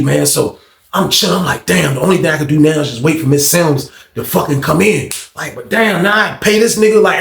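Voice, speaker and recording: A man telling a story casually and animatedly, jumping up in pitch to act out other voices. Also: gravelly. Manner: animated, acting out voices with big pitch jumps. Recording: echoey room.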